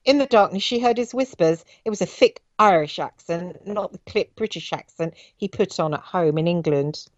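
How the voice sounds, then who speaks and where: Brief: woman reading her memoir, low voice, wry asides, muffled lo-fi, very dry. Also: moderate pace, few pauses, dry recording. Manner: flat, wry asides between read passages. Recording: dull dry lo-fi audio.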